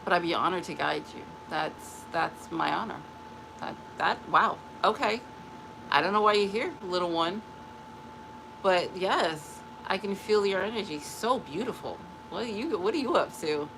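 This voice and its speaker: A woman's voice: lowish voice, expressive, normal speed, vocal fry, noisy background. A middle-aged woman hosting a spiritual live stream, giving a blunt, emphatic motivational talk that repeats phrases for stress. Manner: blunt and dismissive.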